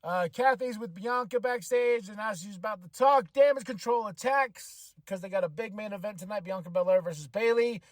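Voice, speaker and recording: A fairly high-voiced man hosts a podcast and recaps a wrestling show in a casual, animated way. He laughs often and acts out the wrestlers' lines in changing voices. The sound is dry and close, with no room around it. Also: normal speed, few pauses, no room sound. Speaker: podcast host.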